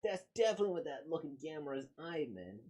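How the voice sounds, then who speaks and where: A man voicing an earnest, hopeful young boy who reads his lines with bright, pleading encouragement. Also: a little high, very animated, fast talker, voice pushed up.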